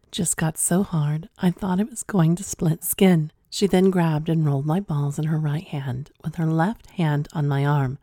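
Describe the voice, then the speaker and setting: A woman's voice: low voice, gravelly, dark tone, dry recording, studio quality. A woman host reading a listener's submitted story aloud in a frank, plain manner, sometimes dropping into an unvoiced whisper, then chatting casually about it.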